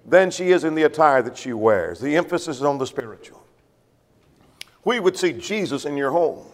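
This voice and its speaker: A man's voice: high-pitched, lively intonation, moderate pace, long reverb tail. A man preaching a sermon to a congregation, emphatic, repeating a refrain and putting questions to his listeners.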